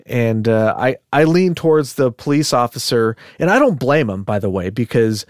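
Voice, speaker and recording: A man's voice: medium pitch, expressive, moderate pace, no room sound, clean studio sound. A man hosting a podcast in casual, rambling chat, laughing often. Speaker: podcast host.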